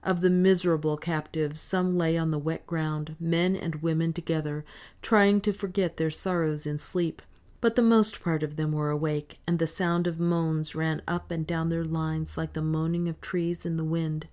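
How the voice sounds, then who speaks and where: Low-voiced woman reading an audiobook. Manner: steady, measured reading. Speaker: narrator. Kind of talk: audiobook narration.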